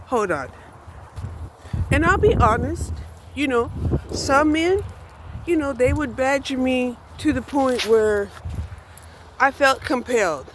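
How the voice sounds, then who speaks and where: A woman's voice: high voice, expressive, takes it slowly, pauses often, background noise. A woman in her sixties speaking bluntly in a candid personal monologue, often checking in with "right?" and "you know". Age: 60s. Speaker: vlogger.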